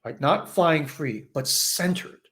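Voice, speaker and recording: A man's voice: a little high, expressive, takes it slowly, a bit bright. A man giving a conversational spiritual teaching in a live online session, often acting out quoted voices.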